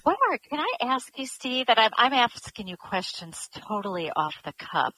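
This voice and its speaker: A woman's voice: a little high, sing-song, moderate pace, pushed and bright, dry recording, poor audio. A woman interviewing a guest, asking off-the-cuff questions and reacting encouragingly. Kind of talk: casual interview.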